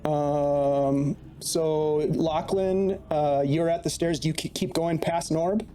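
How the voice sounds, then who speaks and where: A man's voice: fairly high pitch, slow pace. Man narrating as dungeon master. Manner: steady, explains rules and sets scenes. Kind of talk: narrating a tabletop game.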